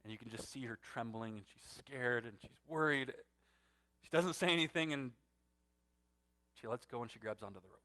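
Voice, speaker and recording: A man preaching a sermon as pastor, telling a story and swinging between loud emphatic lines and hushed, soft ones. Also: medium pitch, moderate pace, pauses often.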